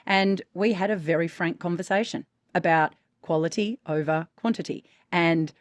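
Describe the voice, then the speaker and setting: A frank, emphatic woman coaching voice actors in casual podcast chat. Her voice sits a little low for a woman, and she keeps checking in with "right?". The sound is dry and close, with no room echo. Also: moderate pace. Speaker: voice-over coach and podcast co-host.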